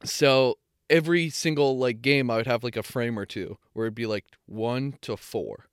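A young man chats casually, telling a meandering story that keeps doubling back on itself, and he swears freely. His voice is smooth and clear. The room is dry, with little reverb. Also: mid-range voice, moderate pace. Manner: rambling storyteller, swears freely, self-correcting. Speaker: podcast co-host. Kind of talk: casual chat.

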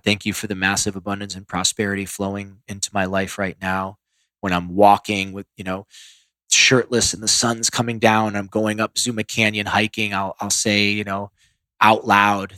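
A man's voice: fairly low pitch, sharp tone, dry recording. A man who is a podcast guest, telling candid stories in a rambling, self-deprecating way with many restarts. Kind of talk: candid storytelling.

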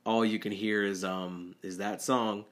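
Bright-voiced young man telling a story. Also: lowish voice, fairly even intonation, unhurried. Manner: rambling, self-deprecating, nervous laughs. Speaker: rideshare driver. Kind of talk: storytelling monologue.

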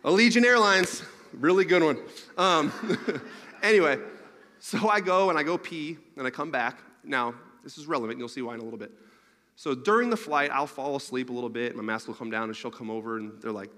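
A man's voice: mid-range voice, a little fast. A man telling a rambling, funny personal story in a sermon, laughing along as he goes. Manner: animated, rambling, laughs through his own story. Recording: long reverb of a large hall.

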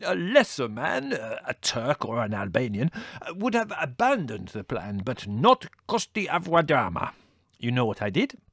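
A man's voice: mid-range voice, big pitch swings, fairly bright tone, dry recording, studio quality, pitched above the performer's own voice, exaggerated voice. A man voicing a melodramatic male café owner, theatrical and drawn out. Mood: indignant. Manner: theatrical, wailing, slow and drawn out.

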